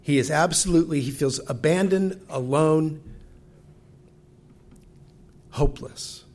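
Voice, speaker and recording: A man's voice: a little high, slow, darkish tone. A male preacher giving a sermon in a reflective manner, often asking his listeners questions directly. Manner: reflective, talks directly to the congregation.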